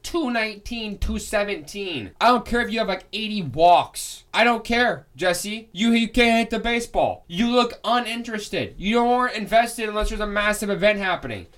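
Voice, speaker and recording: A man hosting a solo sports podcast, ranting excitedly and swinging between loud outbursts and quick muttered asides. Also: high-pitched.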